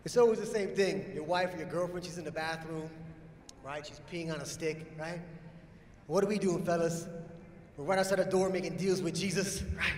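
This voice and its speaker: A man doing a stand-up set in a punchy style that bursts into shouts on the big lines. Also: fairly high pitch, moderate pace, a little hiss or hum. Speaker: stand-up comedian. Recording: echoey hall from far off.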